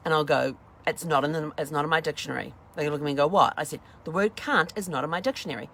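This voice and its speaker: A woman's voice: sits low, fast talker, a bit bright. A middle-aged woman hosting a casual motivational talk, chatty and acting out little dialogues as she goes. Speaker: host.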